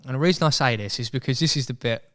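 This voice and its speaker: A young man telling a story as a podcast guest in casual chat, animated and acting out voices. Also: medium pitch, very fast. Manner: chatty, animated, acts out quoted voices.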